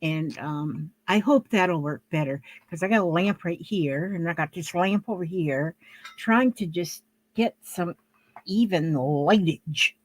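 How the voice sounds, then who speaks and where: A woman's voice: on the low side, unhurried, no echo. An older woman talking casually to camera at home while she shows her handmade crafts, rambling and homey, with lots of fillers and restarts.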